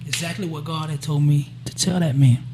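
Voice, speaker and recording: Give me a man telling a story in plain, casual talk, slightly high in pitch and with a faint hiss behind him. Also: fairly quick. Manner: animated storyteller who acts out the quoted dialogue; frequent "right?" and "you know" to check in with listeners. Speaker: guest sharing a personal testimony.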